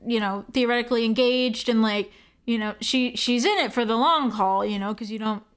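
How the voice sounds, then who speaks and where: A woman's voice: fairly high pitch, a little fast, clear, resonant tone. A woman co-hosting a podcast, chatting casually about a film, laughing often and filling her talk with likes and you knows. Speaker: podcast co-host.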